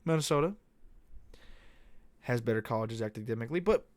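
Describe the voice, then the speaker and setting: A man's voice: medium pitch, lively intonation, a little fast, a little mellow, no echo. A young man hosting a podcast, talking casually in a loose, profane, meandering monologue. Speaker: podcast host. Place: Arizona.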